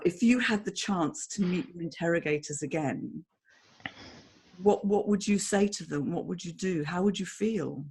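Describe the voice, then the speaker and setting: A woman's voice: on the low side, darkish tone, slightly rough. A British woman hosting an interview podcast, openly emotional and effusive as she asks her questions. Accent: British English. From Britain. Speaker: podcast host. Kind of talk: conversational interview.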